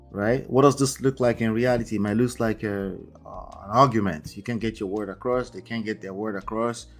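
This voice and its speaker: Man with an accent coaching on a livestream. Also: on the low side. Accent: non-native English accent. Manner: conversational, repeats "right?" and "okay?". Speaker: marriage coach hosting a live stream. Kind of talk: livestream talk.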